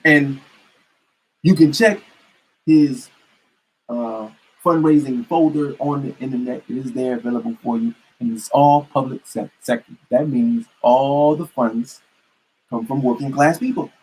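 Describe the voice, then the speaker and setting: Husky man ranting about politics. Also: medium pitch, a little slow, darkish tone, low-quality recording. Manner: emphatic, repetitive, preachy. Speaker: political commentator. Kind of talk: casual political rant to camera.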